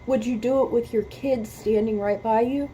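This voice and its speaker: With a mellow, fairly high voice and fairly even intonation, a woman speaks at a moderate pace over slight background noise and poor audio. She hosts a music reaction video and, close to tears, gives a heartfelt talk about faith, stressing her points by repeating them.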